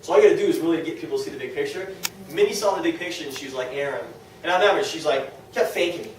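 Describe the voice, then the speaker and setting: A man tells his business story to a small gathering, rushing through it with enthusiasm and acting out what others said. His voice sits slightly high. The recording picks him up from across a very echoey room. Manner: fast, enthusiastic, quoting others in lively asides. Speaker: speaker at a business meeting. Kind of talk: motivational testimonial talk. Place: meeting room with a small audience. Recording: very echoey room, distant mic, faint noise.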